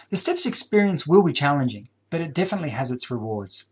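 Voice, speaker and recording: A middle-aged man giving a scripted welcome address to new students as head of the program, earnest and encouraging, stressing key words deliberately. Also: medium pitch, husky.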